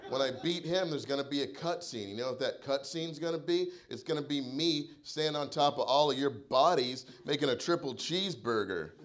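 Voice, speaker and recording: A man doing a profane stand-up set, dropping to mutters and bursting into furious shouts. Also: medium pitch, brisk, few pauses, a crowd in the background. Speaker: stand-up comedian. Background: audience laughter.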